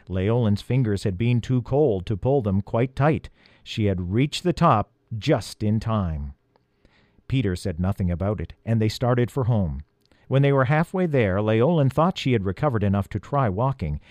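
A man's voice: mid-range voice, dry recording, clean studio sound. Man reading a children's storybook aloud. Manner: expressive, slowing for dramatic moments. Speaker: audiobook reader. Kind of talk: storybook narration.

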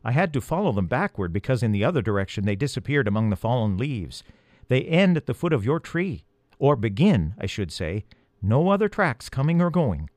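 A man's voice: mid-range voice, very animated, brisk, darkish tone, dry recording, clean studio sound, lightly acted. A man voicing a stern female elf.

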